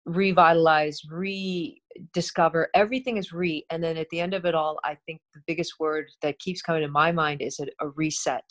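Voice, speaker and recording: A woman's voice: low-pitched, normal speed, few pauses. Chatty woman laughing between thoughts. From Korean heritage. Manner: animated, laughs often, trails off into restarts. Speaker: TV host and interview guest. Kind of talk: casual interview chat.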